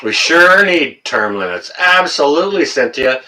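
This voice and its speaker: Man, livestream host, casual ranting, lively pitch, somewhat far from the mic. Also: unhurried, long pauses. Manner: ranting, gets worked up then apologizes. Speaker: livestream host reading viewer comments.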